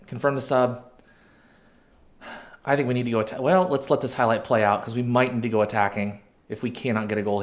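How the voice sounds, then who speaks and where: Man, let's-play commentary, excitable, berates his players, self-correcting asides, average pitch. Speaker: video game channel host.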